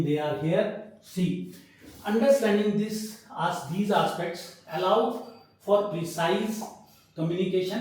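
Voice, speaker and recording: A man teaching English grammar in a classroom lecture, explaining slowly and repeating his points. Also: high-pitched, a little mellow. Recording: echoey room, mic far off.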